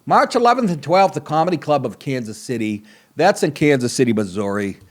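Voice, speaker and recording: A man's voice: mid-range voice, animated, fairly quick. A man hosting a comedy podcast, talking in a profane, rambling, sarcastic way. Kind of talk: casual comedic podcast monologue.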